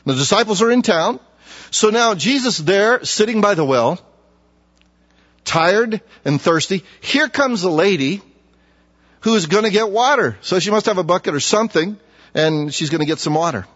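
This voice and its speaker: A man's voice: high-pitched, lively intonation, moderate pace, fairly bright tone. Man preaching in an echoing hall. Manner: conversational preaching with asides and rhetorical questions. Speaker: pastor. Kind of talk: sermon. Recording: dull audio with long hall reverb.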